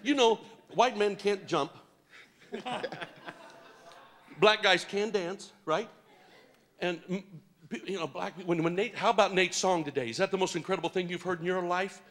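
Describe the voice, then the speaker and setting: In a church hall, a man preaches to his congregation in a lively, interactive talk. His voice sits high and a bit bright, at normal speed with long pauses. He coaxes the crowd with playful teasing and jokes.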